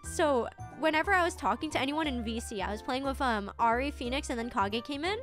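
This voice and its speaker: A woman's voice: sits high, expressive, fairly quick, fairly bright tone. A young woman streamer chatting casually and animatedly with a guest, telling dramatic stories. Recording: stream audio with background music.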